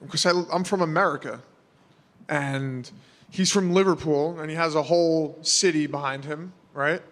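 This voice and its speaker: A man's voice: fairly high pitch, a bit bright, big-room sound. A man, answering press questions in a casual, rambling way full of fillers. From New York. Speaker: fighter.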